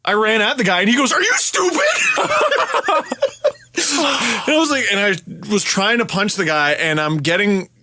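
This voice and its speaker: A man in his thirties from Canada, a podcast host telling a story in a casual, animated way, swearing freely and shouting the lines he quotes. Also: sits high, a little fast, few pauses, very noisy.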